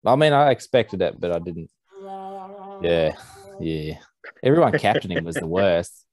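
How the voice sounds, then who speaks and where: A man's voice: sits low, very animated, measured pace, a little mellow. A man with a New Zealand accent, chatting and joking about himself as a guest on a sports podcast. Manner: chatty, self-mocking. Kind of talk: casual sports podcast chat.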